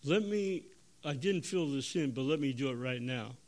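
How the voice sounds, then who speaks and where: A man, preaching an emotional testimony, swinging from loud bursts to hushed tones. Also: mid-range voice, expressive, moderate pace. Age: 70s. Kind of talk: sermon testimony.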